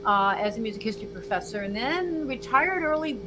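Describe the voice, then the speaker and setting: A woman in her sixties from Virginia, a music historian interviewed as a guest, telling her story in a lively conversational way and acting out the voices of people she quotes. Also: fairly high pitch, brisk, background noise. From Virginia, USA. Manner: animated storyteller who acts out quoted dialogue.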